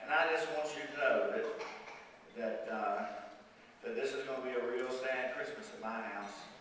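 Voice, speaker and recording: A man's voice: mid-range voice, moderate pace, fairly bright tone, far from the mic, lightly acted. A man voicing a very old male parishioner who complains with dry, mock-aggrieved teasing. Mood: mock grievance. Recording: echoey church hall, mic from afar, noisy.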